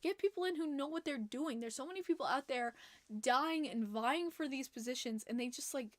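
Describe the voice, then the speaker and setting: A woman hosting a casual hockey podcast, animated and laughing often, swearing freely. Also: sits high, fairly quick, no room sound. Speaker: podcast host.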